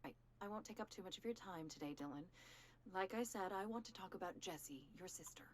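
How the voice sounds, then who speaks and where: An actress voicing a calm, persistent interviewer who presses with careful questions in a video game. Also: female voice, on the low side, quick pace, slight background noise, lightly acted. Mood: probing.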